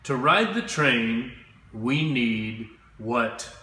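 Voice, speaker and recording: A man teaching English to children, speaking slowly and clearly and having them repeat words after him. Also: mid-range voice, animated, sharp tone, reverberant. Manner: slow, clear, drills words for repetition. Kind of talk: slow classroom instruction.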